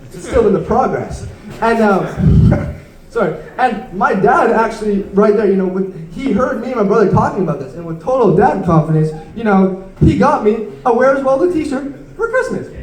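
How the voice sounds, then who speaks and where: A man's voice: sits high, expressive, moderate pace, a little mellow. A young man in his late teens doing a stand-up set, rambling and self-deprecating, stumbling over his words. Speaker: stand-up comedian. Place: comedy club stage. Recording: roomy club sound from far off.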